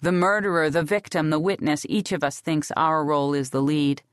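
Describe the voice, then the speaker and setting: A woman narrating a novel in the first person in a sardonic, deadpan way. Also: deep voice, moderate pace, no echo, clean studio sound. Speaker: audiobook narrator.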